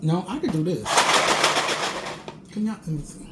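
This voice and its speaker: A man's voice: high voice, normal speed. Playful sing-song man in an echoey kitchen. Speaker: cooking vlogger. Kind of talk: casual cooking vlog chat. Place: home kitchen. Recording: echoey kitchen with background noise.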